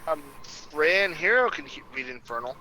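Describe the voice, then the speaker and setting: A man's voice: a little high, lively intonation, normal speed, sharp tone, a little hiss or hum, low-quality recording. A man playing a tabletop game on stream, hesitant and casually swearing. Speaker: player.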